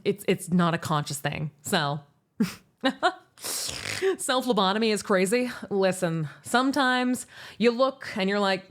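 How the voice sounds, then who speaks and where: A young woman from the States hosts her livestream and chats casually with her viewers. She rambles, restarts her sentences and laughs often in a lively way. Her voice sits at an ordinary middle pitch. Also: takes it slowly. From United States. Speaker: VTuber streamer. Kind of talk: casual livestream chat, answering chat.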